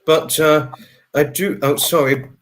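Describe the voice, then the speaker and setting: A man with a slightly high, steady voice speaks slowly while hosting a casual livestream. He chats with a guest and reads viewer comments aloud, talking to the chat and repeating phrases as he goes.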